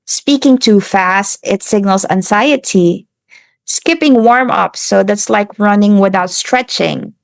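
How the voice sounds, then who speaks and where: A woman presenting a class lesson on relaxing the voice, steady and instructive, with some slips and restarts. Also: mid-range voice, slow, gravelly, no room sound. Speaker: student presenter.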